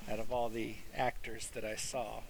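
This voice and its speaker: A man's voice: fairly low pitch, little pitch movement, normal speed, gravelly, background noise. A man hosting a casual movie review chat, rambling with fillers and restarts. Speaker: movie review podcast host.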